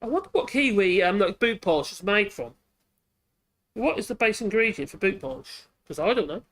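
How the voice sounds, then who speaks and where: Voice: medium pitch, expressive, fairly quick, fairly bright tone. A woodworking channel host, chatting casually while demonstrating at the workbench, thinking aloud and correcting themselves as they go.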